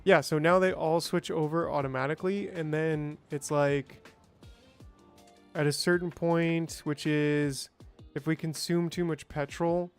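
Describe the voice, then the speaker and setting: Easygoing man, slow and playful. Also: fairly high pitch, steady tone, clean tone, soft background music. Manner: playful, thinking aloud, with silly sound effects. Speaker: streamer. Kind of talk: casual gameplay livestream chat.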